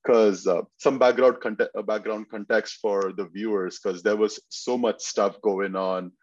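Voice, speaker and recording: A man who coaches fitness posing, talking in an earnest, measured way as a podcast guest. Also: on the low side, fairly even intonation, darkish tone, highs cut off. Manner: earnest, measured, explains step by step. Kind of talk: casual interview talk.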